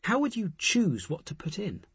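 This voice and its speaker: A man voicing an eager, excitable companion in an audiobook, speaking in a quick, excited way. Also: high-pitched, slightly rough, no echo, pitched above the performer's own voice, full character voice.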